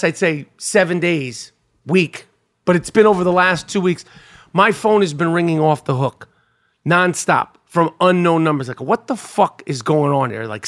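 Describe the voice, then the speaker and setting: A man with a high-pitched voice talks through a casual solo monologue as a podcast host. He rambles and swears freely. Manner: profane, rambling storyteller. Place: New York.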